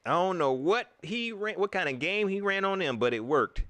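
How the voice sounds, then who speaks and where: A man with a Southern US accent hosting a casual live-stream chat, animated and quick to laugh, his voice climbing high when he gets riled. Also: no room sound. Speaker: host.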